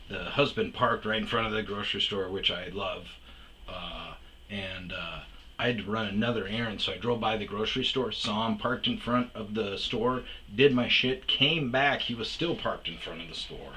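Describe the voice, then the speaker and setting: A man's voice: fairly low pitch, normal speed, sharp tone, a little hiss or hum. A middle-aged man hosting his own podcast, rambling through a profane, exasperated rant. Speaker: podcast host. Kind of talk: casual rant.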